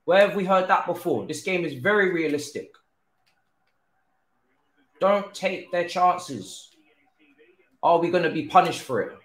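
A young man streams a football game live, talking slowly between bursts of shouting and swearing at the players. His voice sits at a middle pitch and bounces around an echoey room. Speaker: gaming streamer. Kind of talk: live gameplay commentary.

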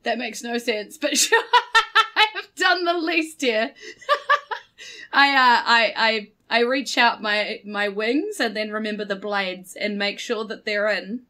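A woman's voice: fairly high pitch, slow, bright, forceful tone. A woman with a New Zealand accent playing a tabletop game, giggly as she narrates her moves. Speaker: player.

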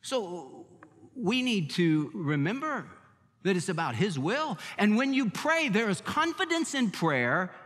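Emphatic preacher with a lively high voice. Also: male voice, unhurried, in a large hall. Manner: emphatic preaching with repeated phrases. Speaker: pastor. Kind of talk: sermon.

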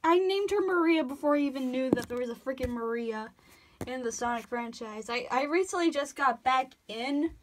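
Young woman with a high, cartoony voice, tired and rambling, self-deprecating, stammers while narrating a drawing. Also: normal speed, background noise. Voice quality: cartoony put-on voice. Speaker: drawing tutorial vlogger. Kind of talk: casual drawing commentary.

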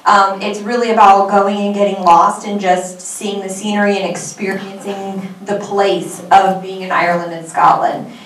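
A woman speaking on a panel in a measured, explanatory way. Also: medium pitch, little pitch movement, a little hiss or hum. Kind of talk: panel presentation. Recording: echoey room from far off.

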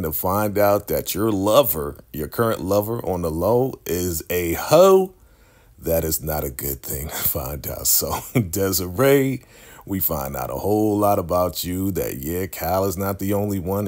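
A man casually recapping a TV episode, acting out the characters' lines and laughing often. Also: sits low. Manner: animated, acts out quotes, frequent laughter. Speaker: recap host.

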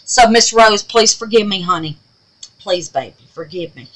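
On a low-quality recording, an older woman hosting a crafting channel speaks at a moderate pace in a mid-range, fairly bright voice. She rambles affectionately to her viewers, calling them baby and darling and teasing herself for forgetting things.

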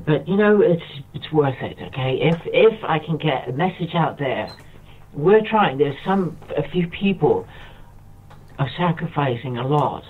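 A man's voice: on the high side, husky. Emotional man on a distant phone line. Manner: rambling, impassioned, repeats himself. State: emotional, close to tears. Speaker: radio show guest. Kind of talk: impassioned monologue.

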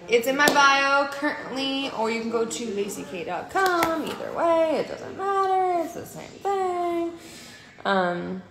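A woman's voice: sits high, sing-song, measured pace, reverberant, noisy background. A young woman hosting a casual phone live stream, tired and blunt, calling viewers darling. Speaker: livestream host.

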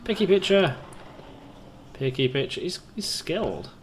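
A man casually commentating on his own gameplay, excitable and rambling, chatting to his viewers as a let's play host. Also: fairly high pitch, a little slow, slight background noise. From Britain.

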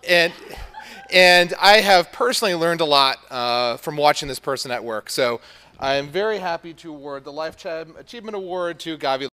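A man's voice: on the high side, moderate pace, sharp tone, slight background noise. A man teacher running a school movie club, giving an earnest, heartfelt award speech. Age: adult.

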